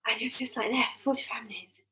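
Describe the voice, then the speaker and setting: A woman's voice: fairly high pitch, level tone, fast, bright, forceful tone, rough recording. Chatty English woman live-streaming. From England. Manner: chatty, rambling with many ums and restarts. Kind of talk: casual live-stream chat. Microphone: webcam or phone mic on a live stream.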